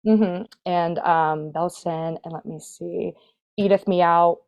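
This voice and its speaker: A woman's voice: lowish voice, steady tone, slow, darkish tone. A woman guest on a podcast, telling stories in a casual, chatty way and laughing often. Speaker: podcast guest, burlesque and drag performer. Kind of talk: casual storytelling chat.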